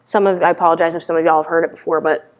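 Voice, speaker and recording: A woman gives a dharma talk to her meditation community. Her voice sits a little low, and her delivery is candid and conversational, like she's telling friends a story. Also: level tone, racing. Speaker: meditation teacher.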